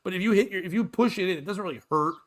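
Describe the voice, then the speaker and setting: Animated storytelling man. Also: high voice, rapid-fire. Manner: animated storyteller, acts out scenes. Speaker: co-host. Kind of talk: casual morning show chat.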